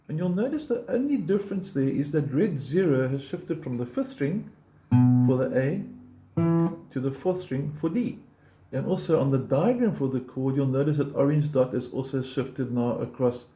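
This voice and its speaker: A man teaching a guitar lesson, explaining picking step by step in a patient, encouraging way and counting beats aloud. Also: fairly high pitch. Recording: roomy sound with loud guitar playing.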